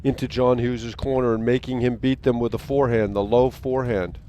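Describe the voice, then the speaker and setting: A man doing sports commentary, recounting a team's recent results in a measured way. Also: mid-range voice, steady tone, mellow, a little hiss or hum. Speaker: play-by-play commentator.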